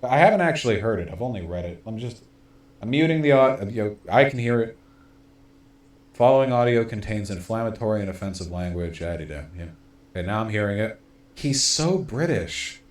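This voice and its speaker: A man's voice: lowish voice, expressive, fairly quick, roomy sound. A man streaming political commentary, rambling and sardonic, with many fillers and restarts.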